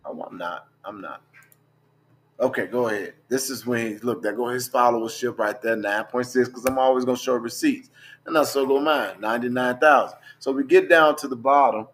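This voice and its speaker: A man's voice: medium pitch, moderate pace, a bit bright, slight background noise. A young man, talking bluntly and profanely in a casual livestream, scrolling through screenshots as he goes. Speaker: vlogger.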